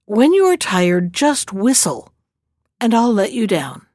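A woman's voice: mid-range voice, very animated, slow pace, darkish tone, no room sound, studio quality. A woman voicing a cunning young male thief in a read-aloud storybook, speaking in a mocking, gleeful way.

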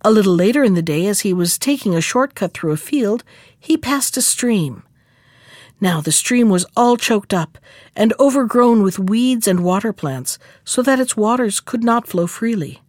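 A woman narrating a fairy tale in an expressive storybook manner, close to the microphone. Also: mid-range voice, moderate pace, dry recording.

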